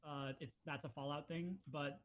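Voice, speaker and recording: A man with a fairly high voice chats casually on a gaming podcast. He tells his stories with energy and acts out the lines of the characters he met. The talk is loose and full of fillers. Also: moderate pace. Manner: animated storyteller, acts out game characters' lines. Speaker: podcast co-host.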